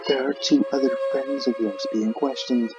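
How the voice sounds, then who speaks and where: A man voicing a sinister male vampire interrogator, speaking slowly and theatrically, dropping to whispers and swelling again. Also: mid-range voice, fairly even intonation, muffled recording, loud music behind the voice, natural voice. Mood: persuasive. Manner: slow, theatrical, swinging between whispers and swells. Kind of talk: reading game dialogue aloud in character.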